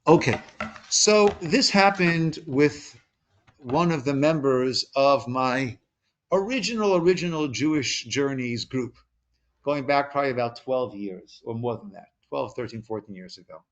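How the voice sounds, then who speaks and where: A man's voice: mid-range voice, expressive, a little slow. A man who is a rabbi, giving an informal lesson to a small group in a conversational way, asking them questions and retelling stories with quoted dialogue. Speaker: rabbi teaching a class. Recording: recorded conference call.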